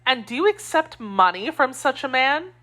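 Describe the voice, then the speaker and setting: A woman's voice: high voice, big pitch swings, normal speed, bright, forceful tone, voice pushed up, heavily acted. A woman reading as a scornful, fiery young wife. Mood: indignant. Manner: indignant, scornful, passionate. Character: spirited young woman, loyal to her queen.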